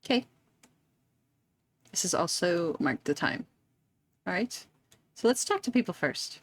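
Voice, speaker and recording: A woman's voice: fairly low pitch, animated, unhurried, long pauses. A woman streamer chatting casually and giggling as she plays a game, reading its text aloud. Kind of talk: casual gameplay commentary.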